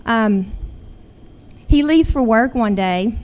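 Speaking slowly in a slightly mellow, expressive voice on the higher side, a middle-aged guest tells a personal story. Her earnest manner intensifies as she recounts what happened.

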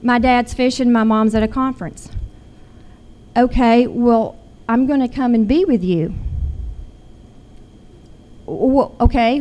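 A middle-aged woman, a guest, earnestly shares a personal story in a fairly high, warm voice. She speaks slowly with long pauses and grows intense as she retells events.

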